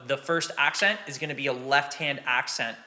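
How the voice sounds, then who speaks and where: A man's voice: mid-range voice, fairly even intonation, normal speed, background noise. A man explaining drum exercises patiently and counting beats aloud as a teacher. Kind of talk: instructional drum lesson.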